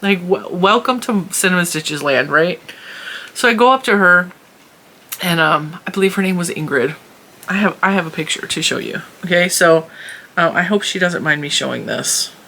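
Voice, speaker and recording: A woman chatting casually as a crochet vlogger, animated, laughing often and acting out what people said. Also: lowish voice, normal speed, a little hiss or hum. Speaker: crochet YouTuber. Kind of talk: casual chatty vlog storytelling. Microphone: camera in a room at home.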